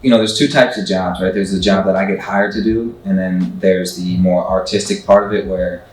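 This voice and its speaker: A man's voice: low-pitched, fairly even intonation, fairly quick. A man telling stories as an interview guest in a laid-back, slangy way, swearing casually. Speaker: photographer and musician guest. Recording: echoey room, far from mic, faint music.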